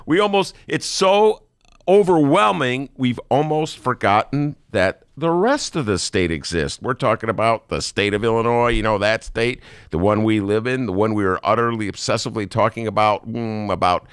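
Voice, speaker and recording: A man's voice: fairly low pitch, moderate pace, clear, resonant tone, no echo, clean studio sound. A middle-aged man hosting a casual political show, wry and sarcastic with rambling asides. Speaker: podcast host.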